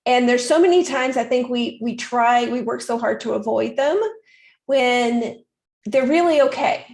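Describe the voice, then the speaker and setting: A woman's voice: fairly high pitch, unhurried, darkish tone. A woman podcast host who responds with affirming, reflective remarks. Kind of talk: casual interview. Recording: echoey room.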